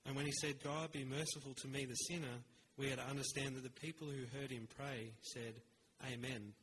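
A man preaching a sermon in an earnest, measured way, with rhetorical pauses. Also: mid-range voice, fairly even intonation, a bit bright, a little hiss or hum, low-quality recording.

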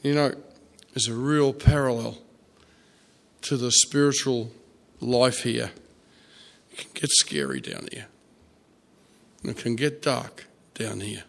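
A man preaching a sermon, telling a story softly with fillers and restarts. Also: mid-range voice, animated, creaky. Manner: storytelling, soft and halting with fillers.

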